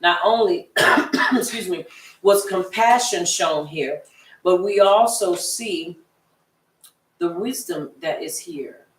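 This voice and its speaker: A woman's voice: on the low side, takes it slowly, far from the mic. A woman teaching a Bible study class in a conversational, folksy way, often repeating herself and acting out the voices she quotes. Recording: echoey room, voice from off-mic.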